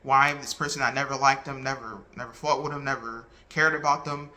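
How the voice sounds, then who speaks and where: Bright-voiced man, earnest and halting. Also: medium pitch, steady tone. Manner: earnest, halting retelling with many restarts. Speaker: vlogger. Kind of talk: casual talk to camera.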